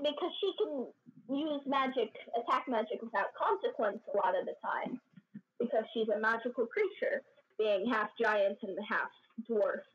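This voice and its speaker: Giggly, rambling woman streamer. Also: fairly high pitch. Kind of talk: casual storytelling. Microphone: voice chat. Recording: dull lo-fi voice chat.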